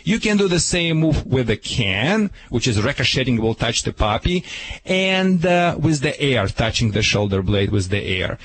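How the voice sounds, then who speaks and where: A man's voice: medium pitch, sing-song, normal speed, a little hiss or hum, rough recording. Emphatic accented dog trainer man. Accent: foreign accent in English. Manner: emphatic, demonstrative, barks sharp commands. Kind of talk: radio advice segment. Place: radio studio.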